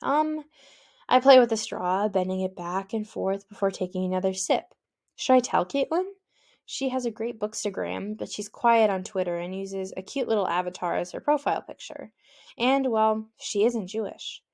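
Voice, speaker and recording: A woman's voice: mid-range voice, normal speed, a little mellow. A woman reading an audiobook in first person, with a conversational, youthful, inward manner. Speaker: audiobook narrator. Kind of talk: first-person scripted narration.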